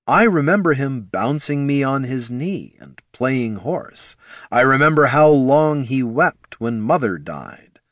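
A man voicing a brooding, guarded young male wizard who speaks slowly and quietly. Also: mid-range voice, dry recording, studio quality.

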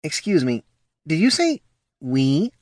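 A man's voice: fairly high pitch, very animated, takes it slowly, no room sound, studio quality, pitched above the performer's own voice. A man voicing a polite, formal scribkin banker who sounds flustered and guilty, in a storybook reading.

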